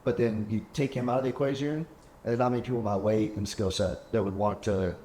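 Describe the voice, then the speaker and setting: A podcast host in a penthouse apartment rambles through stories during a casual chat, acting out what other people said. His voice is fairly low, steady, fast and mellow. The room is echoey, with a faint hum in the background.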